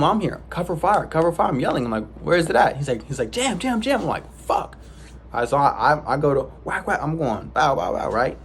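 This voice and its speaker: Young man, casual vlog storyteller, mid-pitched, rambling delivery full of restarts and sound effects. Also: a little hiss or hum. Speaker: vlogger.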